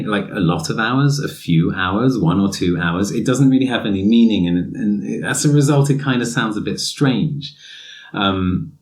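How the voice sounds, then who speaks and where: A man with a fairly low voice talks through a podcast lesson on English grammar. He muses aloud in a loose, easygoing way, full of fillers and restarts, and reads out example sentences to make his points. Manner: relaxed and musing, with many fillers and restarts. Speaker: English teacher and podcast host.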